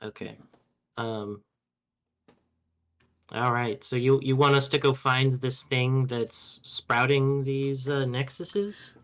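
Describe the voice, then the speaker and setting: A male player in a tabletop game chats casually, sounding unsure and full of fillers. His voice sits at an ordinary middle pitch. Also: takes it slowly, long pauses.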